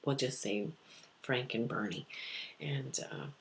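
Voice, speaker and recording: A woman telling a personal story softly and often near a whisper, repeating her phrases. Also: a bass voice, slow pace, gravelly, slight background noise. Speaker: psychic medium.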